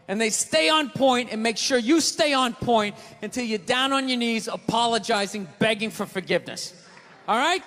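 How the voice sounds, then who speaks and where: A man doing stand-up comedy, swearing freely and building up to shouted punchlines. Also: very high voice. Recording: live hall with crowd noise.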